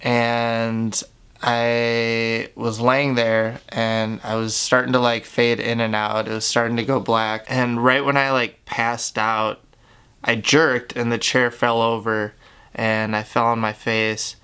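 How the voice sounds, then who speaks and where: A young man telling his own story to the camera, candid and halting, with lots of fillers and swearing. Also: medium pitch, little pitch movement, pushed and bright, smooth. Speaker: YouTuber. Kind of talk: confessional storytelling.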